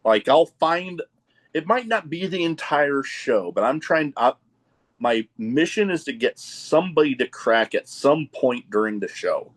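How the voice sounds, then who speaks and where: A man hosting a podcast, telling stories with excitement and often restarting his phrases. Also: fairly high pitch, unhurried. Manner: excitable storyteller, repeats starts of phrases. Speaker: podcast host. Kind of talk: casual chat.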